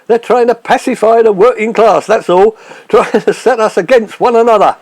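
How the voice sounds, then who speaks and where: A man's voice: sits high, normal speed, darkish tone, a little hiss or hum. A man playing a gloomy, self-important comedian in a comedy sketch, ranting with indignant bluster.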